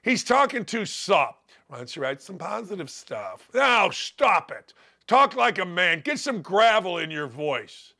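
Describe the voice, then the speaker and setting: An older man hosts a sports talk show. His voice is gravelly from days of yelling, yet fairly high and bright. He rants bluntly and sarcastically, with a combative edge. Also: very animated, a little slow, hardly any pauses. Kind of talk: opinionated sports radio rant.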